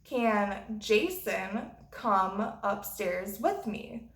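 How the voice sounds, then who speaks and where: A woman's voice: medium pitch, expressive, extremely slow. A woman voicing a drunk, stubborn young woman who keeps insisting. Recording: roomy echo.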